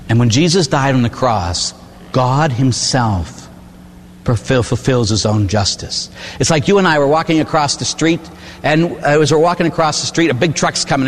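A man's voice: medium pitch, animated, moderate pace, slight background noise. Older priest guy from pittsburgh preaching, chatty storytelling, mid voice, long echo like a big church. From Pittsburgh, USA. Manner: folksy storytelling, tag questions, acts out voices. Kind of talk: sermon.

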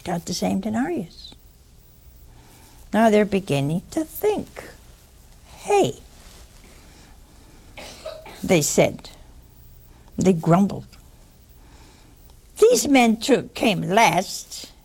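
Slow gravelly woman preaching. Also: mid-range voice. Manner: teasing, animated storytelling with quoted voices. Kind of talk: sermon with storytelling.

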